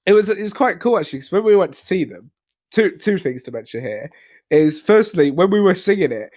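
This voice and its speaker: A man's voice: high voice, expressive, brisk, darkish tone. A young man co-hosting a casual album review chat, rambling and hesitant, swearing and laughing often. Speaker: podcast co-host reviewing albums. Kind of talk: casual banter.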